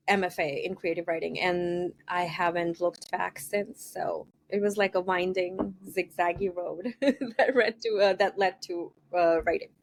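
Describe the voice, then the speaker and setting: A woman with a nasal, stuffed-up voice from a recent cold chats casually as an interview guest. She rambles and hesitates, filling gaps with ums and small laughs. A faint noise sits under her voice. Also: lowish voice. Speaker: author guest.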